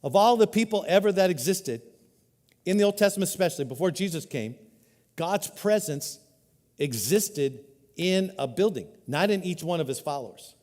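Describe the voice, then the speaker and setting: Guy preaching a sermon live, kinda higher voice, earnest, big swings loud to soft, echoey church hall. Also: expressive, normal speed. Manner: earnest, swings between loud emphasis and quiet lows. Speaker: pastor.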